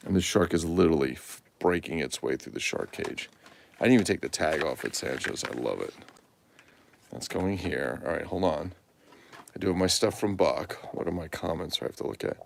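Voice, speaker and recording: A man's voice: low voice, a little fast, gravelly. A tired man chatting casually and rambling on a livestream, swearing freely. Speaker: toy collector livestream host.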